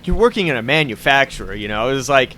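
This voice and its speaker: A man's voice: mid-range voice, expressive, fast talker, bright, forceful tone, a little hiss or hum. A man hosting a podcast in casual chat, laughing often and swearing freely. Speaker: podcast host.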